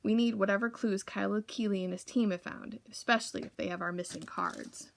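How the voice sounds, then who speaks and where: A smug, scheming schoolboy, curt and condescending, read by a woman in her own voice with a slight creak. He sounds quick and bossy in this storybook reading. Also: mid-range voice, fairly even intonation, a little hiss or hum, natural voice.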